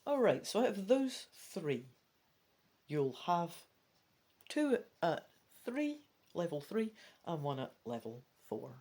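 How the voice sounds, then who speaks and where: A woman hosting a let's play, reading the rules of a gamebook aloud and thinking aloud between sections, often dropping into soft muttering. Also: on the low side, very animated, takes it slowly, pauses often.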